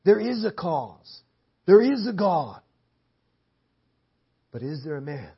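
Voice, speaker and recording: High husky-voiced man preaching. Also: very animated, takes it slowly. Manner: emphatic, repetitive preaching cadence. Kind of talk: sermon. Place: church hall. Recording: dull lo-fi sermon audio.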